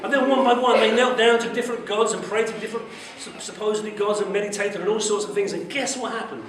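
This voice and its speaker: Animated male storyteller in an echoey hall. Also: high voice, fast, crowd noise. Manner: animated, asks the children questions. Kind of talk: children's Bible storytelling. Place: school hall. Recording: echoey hall from far off, faint noise.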